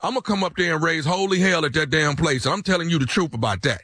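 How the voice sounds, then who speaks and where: Man voicing a blustering angry caller, high-pitched, bright and sharp, loud and threatening, dry sound. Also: quick pace, dry recording. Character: loud angry husband, complaining caller, middle-aged man. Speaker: prank caller. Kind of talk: prank phone call.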